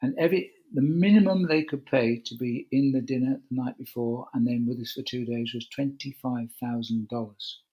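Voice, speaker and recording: A man's voice: medium pitch, normal speed, hardly any pauses, mellow, slightly rough, poor audio. An older man, a veteran cycling commentator, telling a long anecdote in a chatty way on a video call and acting out the quoted lines. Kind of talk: relaxed anecdotal storytelling.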